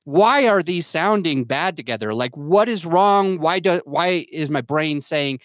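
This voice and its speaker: As a podcast guest, this young entrepreneur and father reflects candidly and earnestly, criticizing himself and frequently restarting as he searches for the right words. His voice is on the high side, animated, unhurried, and a bit bright, with no echo.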